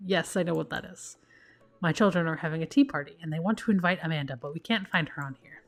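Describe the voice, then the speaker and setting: Woman doing stiff deadpan kid-written texts. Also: deep voice, quick pace. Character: odd stiff children typing as their dad.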